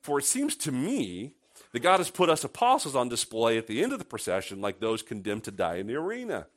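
A man preaching a sermon in a conversational way, asking the congregation questions and swinging from hushed lines to loud, sarcastic ones. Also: mid-range voice, wildly swooping pitch, a little fast. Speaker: pastor.

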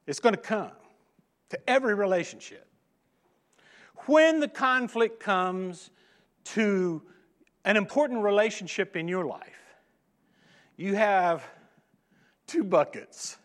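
Animated, slow-speaking male preacher. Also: high-pitched. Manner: storytelling, dramatic pauses, emphatic repetition. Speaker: pastor. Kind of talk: sermon with humorous anecdotes.

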